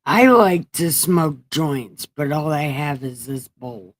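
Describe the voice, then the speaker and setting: A woman's voice: deep voice, expressive, takes it slowly, dry recording. A woman hosting a casual livestream, reading scripture in a rambling, profane, self-mocking way. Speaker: livestream host.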